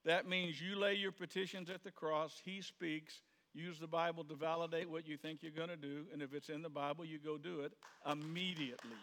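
Preaching a Sunday sermon in a large church sanctuary, a pastor talks conversationally in a slightly high voice with fairly even intonation. He's brisk with hardly any pauses, acting out the voices of people in his stories and breaking into sudden shouts.

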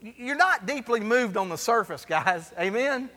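Man pastor, high bright voice, preaching sermon with call-and-response, church hall reverb. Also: expressive, unhurried.

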